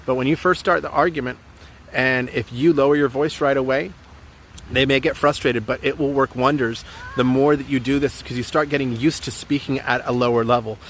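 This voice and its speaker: A man's voice: mid-range voice, steady tone, a little fast, a bit bright, a little hiss or hum. A man giving an earnest, encouraging coaching talk on relationships, repeating his key points as he goes. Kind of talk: motivational coaching talk to camera.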